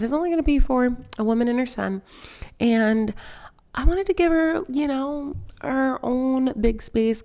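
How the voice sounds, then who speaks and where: Young woman gamer vlogging, gravelly higher voice, chatty and unsure, lots of fillers. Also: warm tone. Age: 20s. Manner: chatty, self-conscious, filler-heavy with lots of "like". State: emotional, near tears. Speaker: Sims gaming vlogger. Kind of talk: casual voice-over commentary on a game build.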